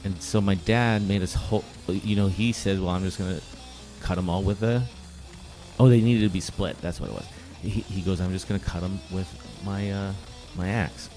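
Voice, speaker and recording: Deep-voiced man rambling through a story. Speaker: podcast co-host. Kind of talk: casual chat. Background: music playing.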